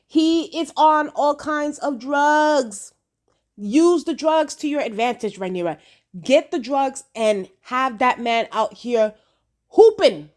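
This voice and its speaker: A woman reviewing a TV episode in a casual vlog, talking bluntly and profanely in slang and speaking straight to her viewers. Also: fairly high pitch. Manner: outspoken, addresses viewers directly. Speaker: TV show reviewer.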